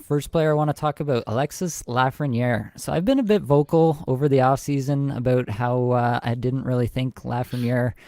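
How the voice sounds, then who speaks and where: A man's voice: medium pitch, normal speed, few pauses, no echo. Man hosting a hockey podcast, dry sound. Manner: reads stats in a steady, self-described monotone with many ums. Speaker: podcast host. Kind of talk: casual podcast chat.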